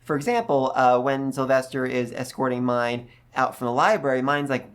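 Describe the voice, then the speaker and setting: Animated man recapping a book. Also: medium pitch, normal speed, few pauses. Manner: animated, jumps into quoted voices. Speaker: book review host. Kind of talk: casual recap video.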